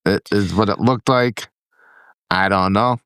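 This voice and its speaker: A man's voice: fairly low pitch, a little slow, fairly bright tone, smooth, no echo. A man co-hosting a casual podcast chat, talking bluntly and emphatically, fired up and swearing freely. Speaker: podcast co-host.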